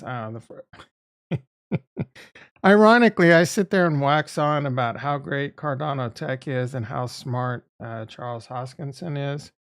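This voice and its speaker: A man hosting his own live stream in a casual, rambling way, often breaking off mid-sentence and filling gaps with "uh" and "like". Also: medium pitch. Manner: rambling and self-interrupting, with frequent fillers. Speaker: streaming channel host.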